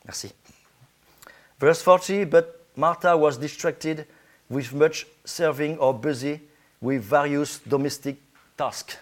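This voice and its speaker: A man's voice: on the high side, slow. A man preaching a sermon, often repeating words as he searches for his English.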